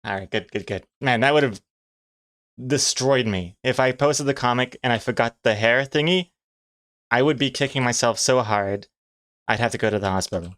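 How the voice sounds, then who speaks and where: A man's voice: mid-range voice, moderate pace, fairly bright tone, no room sound, clean studio sound. A man chatting casually and joking at his own expense while he draws comics on a live stream, reading chat messages aloud. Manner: self-mocking, jokey, reads chat aloud.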